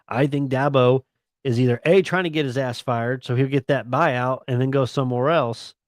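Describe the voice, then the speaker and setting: A man talks through the week's games on a sports radio show in a relaxed, slangy way. His pitch sits in an ordinary middle range. The sound is dry and close, with no room around it. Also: moderate pace, no echo. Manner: laid-back, chatty, slangy. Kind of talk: casual sports talk.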